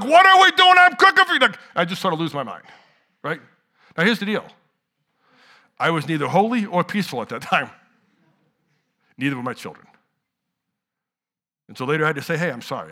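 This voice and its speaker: A middle-aged man preaching a sermon to his church in a conversational way, dropping to hushed lows and rising to loud outbursts. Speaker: pastor.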